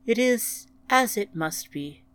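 A woman voicing a vast planetary artificial intelligence that speaks softly and evenly. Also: on the high side, expressive, voice pushed up. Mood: calm. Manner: soft, measured. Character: vast ancient planet-wide AI, calm and soft.

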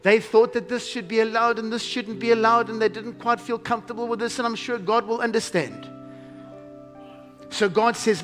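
A man preaching a sermon as pastor, emphatic, slowing to stress key phrases and dropping to a hushed tone. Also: extremely high pitch, fairly even intonation, soft background music.

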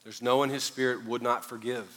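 A middle-aged man with a Southern accent preaching a sermon, animated and joking, swinging between loud and quiet. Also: medium pitch, brisk. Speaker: pastor. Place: church sanctuary. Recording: long hall reverb.

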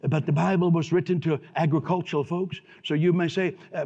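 A man preaching with emphatic repetition and a somewhat high voice. His voice rings through a large hall with long reverb, and the recording sounds dull. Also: fairly even intonation, fairly quick, few pauses, dark tone. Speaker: pastor. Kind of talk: sermon.

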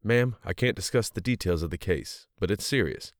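A stern military officer making an arrest, voiced by a male narrator. His deep voice is firm and commanding, slow and measured, in a dry, close recording. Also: lively intonation, no room sound.

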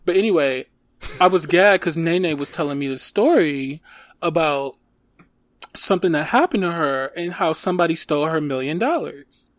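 A man's voice: fairly high pitch, moderate pace, dry recording. Chatty man telling stories, dry sound. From Detroit. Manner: animated storytelling, lots of fillers. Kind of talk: casual chat.

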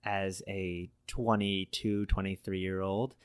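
A man's voice: deep voice, takes it slowly, clear, resonant tone, no room sound, clean studio sound. A man from Philadelphia, a comedian, telling stories in casual podcast chat and acting out the quotes. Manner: animated storyteller, acts out quotes. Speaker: comedian guest.

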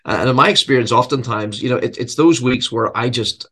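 A male preacher and seminary professor speaks in a conversational interview. His manner is earnest and reflective, lightened by self-deprecating humor, and he often repeats a word while searching for the right phrasing. His voice sits at an average pitch for a man. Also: a little fast, fairly bright tone, slightly rough.

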